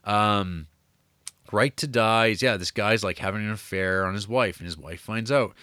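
A man's voice: fairly low pitch, moderate pace, bright, forceful tone, clean tone, no room sound, studio quality. A man co-hosting a podcast, chatting casually about horror films in a rambling, profane way with lots of fillers. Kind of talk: casual chat.

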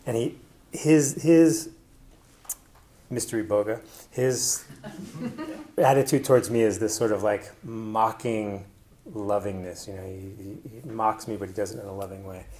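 A man's voice: on the low side, steady tone, a little slow, long pauses, a little mellow. A man presenting to an audience in a casual personal style, rambling with many fillers and restarts. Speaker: conference presenter.

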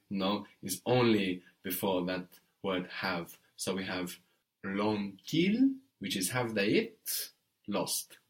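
Slow, low-voiced man teaching French. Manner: patient, prompts and corrects step by step. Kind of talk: one-on-one language lesson.

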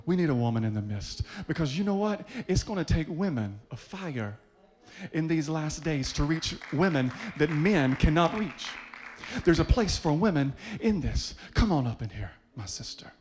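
A man preaching a sermon to a congregation, leading them by name and building to loud, rhythmic climaxes. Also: fairly high pitch, lively intonation, normal speed. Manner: leads the congregation, calling people up by name.

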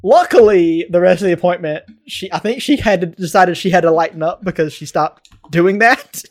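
A man with a fairly high voice co-hosts a casual podcast and tells a story about his week. He is animated and laughs now and then as he talks. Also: moderate pace. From North Carolina, USA. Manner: animated storytelling, laughing while telling anecdotes. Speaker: podcast co-host.

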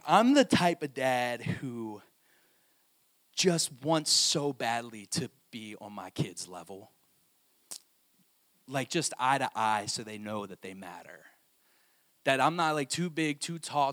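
A male pastor with a fairly high voice delivers a personal sermon. He moves between hushed, tender lines and loud, pleading peaks.

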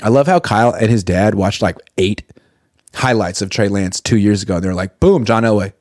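A man's voice: lowish voice, normal speed, darkish tone, dry recording, studio quality. A man hosting a casual sports live stream, reading viewer comments aloud and answering them bluntly, swearing now and then.

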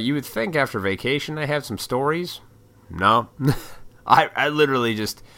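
A young man talks into a desk mic from a small home room, rambling loosely and swearing often. His voice sits on the low side but has a bright, forceful edge. He piles on fillers as he wanders from one thought to the next. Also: clean tone. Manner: rambling and profane, with many fillers. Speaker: YouTuber and toy collector. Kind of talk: casual solo chat. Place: small hot home room full of electronics.

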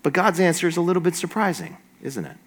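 A young adult man preaching a sermon, telling a story in an animated way and acting out the quoted voices. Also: on the high side, quick pace.

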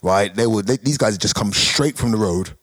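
A man's voice: on the low side, a little fast. A middle-aged man with a London accent telling stories in a casual podcast chat, acting out quotes between laughs. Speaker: guest. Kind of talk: casual storytelling. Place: podcast studio.

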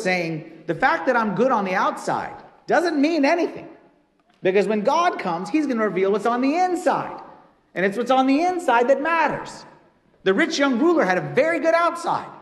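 High-voiced priest preaching in echoing church. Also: male voice, normal speed. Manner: animated, conversational preaching with casual asides. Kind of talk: sermon.

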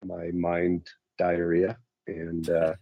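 A man with a very low voice talks in a loose, rambling way, making fun of himself as he goes. The sound is dull and lo-fi, like call audio, and it's dry with no room sound. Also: monotone, extremely slow, no echo. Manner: rambling, self-deprecating, laid-back. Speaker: musician guest, band singer. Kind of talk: casual chat on a call.

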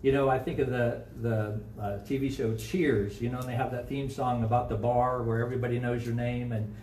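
Conversational Midwestern pastor preaching in an echoey church. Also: male voice, medium pitch, level tone, a little fast, darkish tone, slight background noise. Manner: conversational, asks the congregation questions. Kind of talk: sermon. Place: church sanctuary. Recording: echoey room, mic from a distance.

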